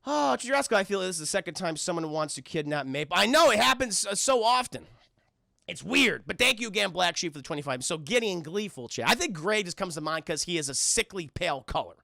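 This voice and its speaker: A man recapping a cartoon on a live stream, animated and always turning to his chat. His voice sits high and bright with a gravelly fry. It is recorded dry and close. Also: a little fast, no echo. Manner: animated, keeps addressing chat.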